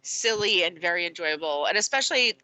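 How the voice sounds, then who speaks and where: Woman, low but bright tone, casual podcast chat, laid-back, dry close sound. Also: a little fast, dry recording, low-quality recording. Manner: relaxed, nostalgic, laughs, says "y'all". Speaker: podcast co-host.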